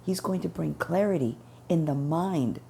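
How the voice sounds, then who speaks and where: A woman shares her religious testimony in an earnest, repetitive way, retelling her prayers as she goes. Her voice sits low and carries a heavy gravelly fry with a dark, mellow tone. A faint noise hangs behind her. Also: normal speed. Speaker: testimony speaker.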